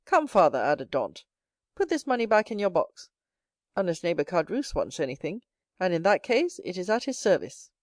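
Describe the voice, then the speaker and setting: A woman reading a classic novel aloud as an audiobook narrator, voicing each character herself and lifting her pitch for the young hero. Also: sing-song, normal speed, dry recording, clean studio sound. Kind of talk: scripted narration.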